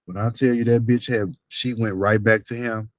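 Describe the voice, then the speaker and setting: A man gossiping with his best friend on a phone call. He tells lively, profane stories in slangy talk. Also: lowish voice, normal speed, slight background noise.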